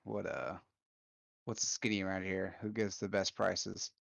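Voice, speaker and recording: A man's voice: low-pitched, little pitch movement, measured pace, vocal fry, fairly bright tone, no room sound, clean studio sound, heavily acted. A man playing a swaggering orc adventurer who talks in casual slang. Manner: slangy, brotherly.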